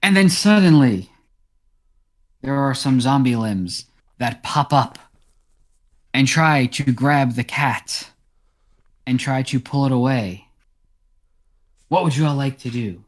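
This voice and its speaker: A man narrating as game master in a tabletop game, describing scenes with a relaxed, steady delivery. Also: mid-range voice, slow, long pauses.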